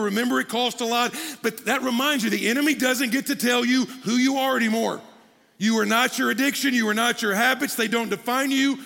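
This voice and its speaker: Man, pastor, high bright voice, animated sermon, hall reverb. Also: vocal fry. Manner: animated preaching, jokey asides to the crowd. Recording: long hall reverb from a large room.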